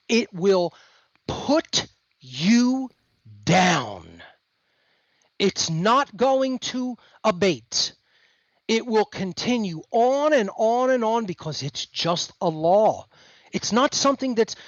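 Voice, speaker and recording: A man's voice: high-pitched, lively intonation, slow, no room sound, muffled recording. A man as the guest on a podcast, talking in an emphatic, lecturing way over a remote call. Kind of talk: podcast conversation.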